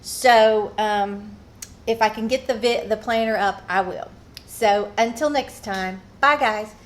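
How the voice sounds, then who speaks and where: A woman chatting casually while she shows a craft project at home, speaking warmly and rambling, recorded on a phone. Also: medium pitch, takes it slowly. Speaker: craft vlogger.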